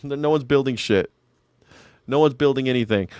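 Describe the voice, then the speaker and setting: A man runs a loose livestream as an independent commentator. He rambles, swears freely and jokes back at viewers in the chat. His voice comes through smooth and crisp on a close, dry mic. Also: medium pitch, moderate pace, long pauses, a little mellow, dry recording. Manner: rambling, profane, jokey, talks back to viewers by name. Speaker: independent news and culture commentator. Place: home in Southern California.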